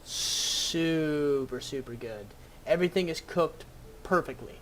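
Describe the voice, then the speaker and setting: Halting game master describing a scene. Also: medium pitch, a little hiss or hum. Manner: halting, full of fillers and restarts. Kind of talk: narrating a tabletop game.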